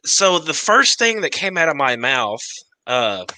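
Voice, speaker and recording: A man's voice: on the high side, very animated, measured pace, bright, forceful tone, no room sound, poor audio. A man guesting on a casual podcast chat, laid-back and laughing easily.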